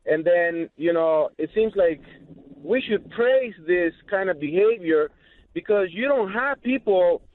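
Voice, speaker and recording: A man's voice: high-pitched, expressive, a little slow. A man calling in to a radio show, talking earnestly with many fillers. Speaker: caller. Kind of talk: call-in radio chat. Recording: tinny phone line.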